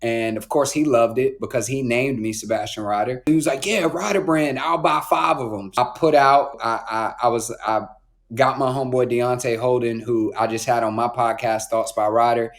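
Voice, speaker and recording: A man's voice: mid-range voice, steady tone, moderate pace. Laid-back young man telling stories. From Raleigh, North Carolina. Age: 20s. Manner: laid-back slang, frequent "like" and "bro". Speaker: podcast guest. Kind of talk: casual storytelling.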